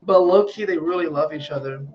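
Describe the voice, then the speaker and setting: A man talking casually to his viewers about astrology in an animated, emphatic way, often swearing. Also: fairly high pitch, a little fast, dull audio. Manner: animated, emphatic, frequently profane. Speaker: astrology vlogger. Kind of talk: casual spiritual chat to viewers.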